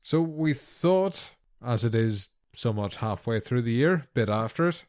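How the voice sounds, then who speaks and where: A man co-hosting a casual gaming podcast with a teasing, playful manner. His pitch swings widely as he jokes. The recording is dry and close. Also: expressive, a little slow, darkish tone, no echo. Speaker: podcast co-host. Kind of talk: casual banter.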